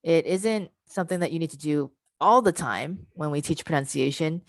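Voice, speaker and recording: Low-voiced woman leading a teacher workshop. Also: no room sound. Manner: explains step by step, modeling sounds slowly and checking in with "right?". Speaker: workshop presenter. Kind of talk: online teacher-training workshop. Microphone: computer mic on a video call.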